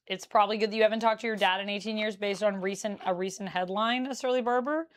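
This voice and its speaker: A woman's voice: medium pitch, steady tone, fast talker. A young woman, chatting casually with her live-stream viewers as she bakes and reads their comments aloud. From Canada. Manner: chatty, reading chat aloud while baking.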